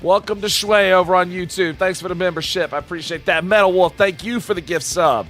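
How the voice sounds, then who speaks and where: Man, live streamer, bright forceful voice, profane and hyped, loud whoops and quiet asides, faint music behind. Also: high voice, fairly quick. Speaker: live-streamer reacting to game announcements. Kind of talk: excited live-stream chat. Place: home streaming room with shelves of games.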